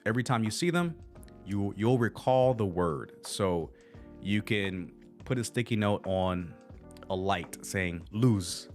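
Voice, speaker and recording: A man with a very low voice and an American accent, hosting a laid-back livestream. He rambles and restarts his sentences as he chats directly to his viewers, with faint music playing behind him. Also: lively intonation, unhurried. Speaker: channel host. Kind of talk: casual livestream tips.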